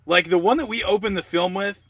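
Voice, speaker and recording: A man's voice: high-pitched, a little fast, a bit bright, dry recording. A man co-hosting a casual film podcast, joking around and explaining things in a stop-start way. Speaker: podcast co-host.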